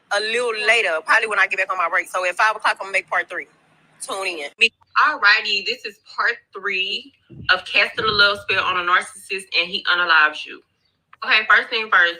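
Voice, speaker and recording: Woman spinning a gossipy storytime, chatty and cursing, with a piercing bright tone. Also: mid-range voice, poor audio. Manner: chatty, slangy and profane, repeats herself. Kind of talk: casual storytime to followers. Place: at her workplace.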